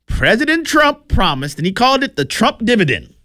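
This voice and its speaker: A man's voice: very high-pitched, big pitch swings, a little fast, sharp tone, no room sound, clean studio sound. A man hosting opinionated political commentary in a chatty, wry way, sometimes tripping over words.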